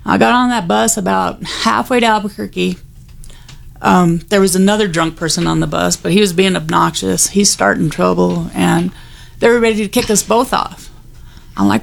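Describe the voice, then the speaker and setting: A woman with a gravelly, fry-laced voice tells her personal testimony in a candid, conversational way. Her delivery is wry and unguarded, with a mid-range pitch. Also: steady tone, moderate pace. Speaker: guest sharing her testimony.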